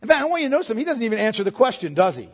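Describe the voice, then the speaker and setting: A man with a high, husky voice preaches a sermon, his pitch rising and falling in lively swings. He speaks conversationally and leans on rhetorical questions. The sound carries a long hall reverb. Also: rapid-fire. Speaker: pastor.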